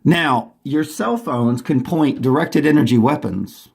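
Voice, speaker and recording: Man, home monologue, urgent and agitated, gravelly tone, husky edge. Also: medium pitch, unhurried, darkish tone. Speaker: vlogger. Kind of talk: rambling monologue to camera.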